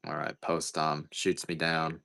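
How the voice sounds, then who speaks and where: Very deep and monotone, with vocal fry and a pushed, bright quality, this man takes his time while live-selling coffee. His chat is casual and meandering, full of self-deprecating jokes.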